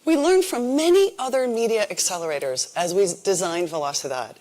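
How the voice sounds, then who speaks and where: A woman's voice: medium pitch, animated, a little fast, a little mellow, slight background noise. A woman presenting at a conference, giving an upbeat, scripted announcement.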